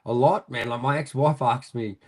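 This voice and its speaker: A man's voice: medium pitch, steady tone, moderate pace, low-quality recording. Rambling Australian man, casual chat. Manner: rambling, heavy fillers and "mate", "man", "bro", swears. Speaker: interview guest, army veteran.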